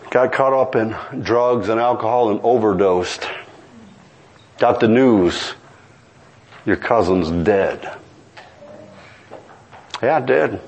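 There's a little hiss or hum on this rough recording of a man preaching a sermon. He tells stories from scripture animatedly, quoting the characters in their voices and making dramatic shifts in pitch and pace.

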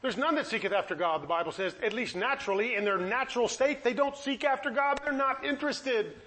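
A man's voice: extremely high pitch, fairly quick, fairly bright tone. A man preaching a sermon, impassioned and pleading, firing off rhetorical questions.

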